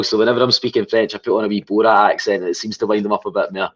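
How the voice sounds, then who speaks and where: A man's voice: on the low side, steady tone, very fast, few pauses, fairly bright tone, husky. A man with a Scottish accent, an MMA fighter answering interview questions in a casual, upbeat way, often adding "mate" and "you know what I mean", heard over dull remote call audio. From Scotland. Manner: upbeat, often tags 'mate' and 'you know what I mean'.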